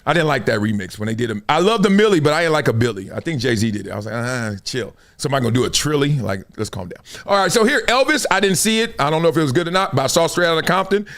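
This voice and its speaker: A middle-aged man hosting a live sports and culture stream, talking in loose slang with loud bursts and low asides. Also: racing, few pauses. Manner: animated, slangy, jumps between loud bursts and low mutters. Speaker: show host.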